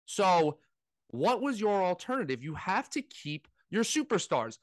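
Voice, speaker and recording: Animated ranting man with a lively voice. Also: sits high, unhurried, no echo. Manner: animated ranting, mocking impressions. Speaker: podcast co-host. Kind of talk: casual sports talk.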